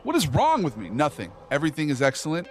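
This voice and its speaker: A young man live-streaming a game, chatting with his viewers in a joking, slangy way. His voice sits fairly high and swings widely in pitch. Game music plays clearly behind him. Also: huge pitch swings, fast. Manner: joking, slangy, talks to chat while gaming. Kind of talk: casual live-stream chat.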